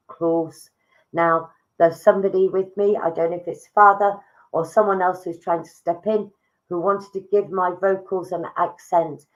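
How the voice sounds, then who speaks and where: A woman giving live psychic readings, soft and emotive, calling listeners darling. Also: on the low side, poor audio. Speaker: psychic medium.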